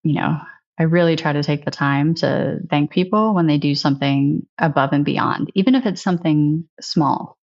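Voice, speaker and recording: A woman with a low, gravelly voice talks through stories in a casual, reflective way, often tossing in "like" and "right?". The recording is a little dull and lo-fi. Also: moderate pace, a little mellow. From United States. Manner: earnest, reflective storytelling with frequent "right?" and "like". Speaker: guest, sales leader. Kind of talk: casual interview talk. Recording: slightly dull, lo-fi sound.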